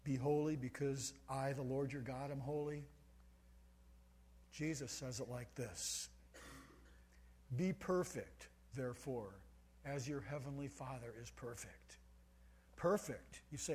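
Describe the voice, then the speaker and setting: A man preaching a sermon, stressing key words by swinging between soft and loud. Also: mid-range voice, a little slow, pauses often, slight background noise.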